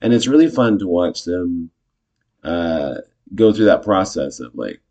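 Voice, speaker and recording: A man casually teaching improv, chatty and self-correcting, jumping into animated example lines. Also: low voice, unhurried.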